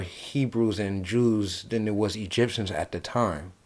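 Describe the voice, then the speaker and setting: A young man from New Jersey hosting a casual late-night chat, rambling and animated, swearing freely. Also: on the low side, unhurried, few pauses. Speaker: host.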